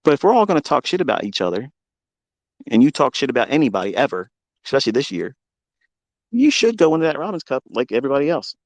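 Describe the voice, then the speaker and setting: A man's voice: medium pitch, big pitch swings, quick pace, dry recording. Man, trading teacher on a livestream; swears constantly, boastful and combative, dry close sound. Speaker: trading educator. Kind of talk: livestream rant.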